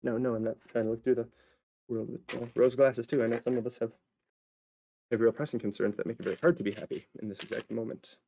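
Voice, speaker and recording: A man's voice: mid-range voice, fairly even intonation, quick pace, creaky, dark tone, a little hiss or hum. A man chatting in a casual solo vlog at home, rambling playfully with asides to viewers while he waits around. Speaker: vlogger and actor. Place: at home, indoors.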